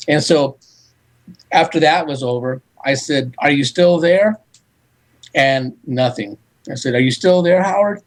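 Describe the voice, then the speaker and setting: A man with a slightly raised pitch tells a long story as a guest on a radio interview. He talks in an animated way and acts out short exchanges of dialogue as he goes. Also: poor audio. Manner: animated, recounts dialogue in quick back-and-forth. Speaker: psychic medium guest.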